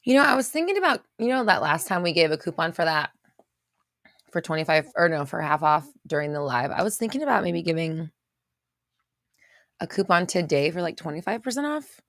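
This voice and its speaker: Gravelly-voiced woman chatting on a livestream. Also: fairly low pitch, sing-song, brisk, fairly bright tone, no room sound, clean studio sound. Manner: chatty, reads out viewer comments. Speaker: livestream host. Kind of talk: casual livestream chat greeting viewers.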